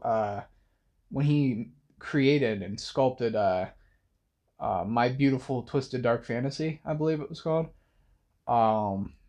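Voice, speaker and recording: A man's voice: medium pitch, a little mellow. A young man talks through his thoughts in a loose late-night monologue. He rambles, trips over himself and restarts often, leaning on fillers as he goes. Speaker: podcast host.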